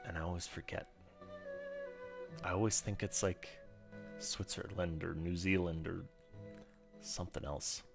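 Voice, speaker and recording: A man's voice: low-pitched, steady tone, measured pace, creaky, pauses often, over music. A man giving casual, chatty gameplay commentary, self-deprecating and swearing now and then. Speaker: streamer.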